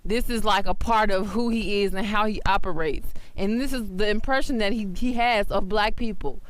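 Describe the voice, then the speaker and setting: A woman's voice: mid-range voice, normal speed, clean tone. A woman co-hosting a radio talk show, blunt and teasing as she pushes back on her partner. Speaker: radio co-host. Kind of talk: casual talk radio banter.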